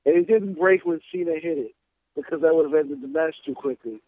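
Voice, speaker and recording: A man's voice: on the high side, brisk, dry recording, narrow, tinny audio. A man co-hosting a casual wrestling podcast, ranting in a profane, sarcastic way. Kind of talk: casual chat.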